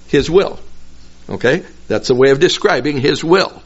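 A man giving expository Bible teaching, explaining slowly and deliberately and singing out tonal words in another language. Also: fairly high pitch, lively intonation, breathy edge. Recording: dull lo-fi recording.

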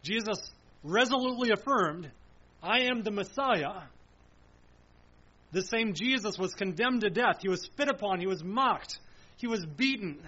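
Male preacher with a high voice, solemn and emphatic, full of repetition and rhetorical questions; muffled lo-fi sound. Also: lively intonation, moderate pace, sharp tone. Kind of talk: sermon.

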